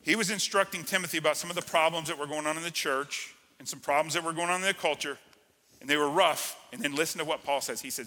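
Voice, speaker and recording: A male pastor preaching with a bright, forceful, ringing voice that sits a little high. He drives his points home with energy and keeps calling on the congregation to answer back. His words carry a long hall reverb from the church sanctuary. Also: quick pace. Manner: energetic preaching with call-and-response. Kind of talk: sermon.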